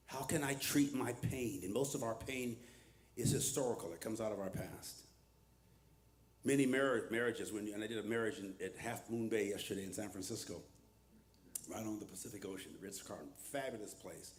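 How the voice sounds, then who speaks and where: A man's voice: medium pitch, darkish tone, echoey room. An older male pastor preaching a conversational sermon, mixing humor with teaching and calling out to the congregation. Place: church hall with a live congregation.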